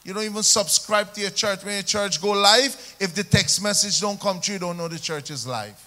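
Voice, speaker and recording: A man with a Jamaican accent preaching a sermon as pastor, calling for responses from the congregation and swinging between loud emphasis and quiet asides. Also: sits high, a little fast. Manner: call-and-response preaching, rising and falling emphasis.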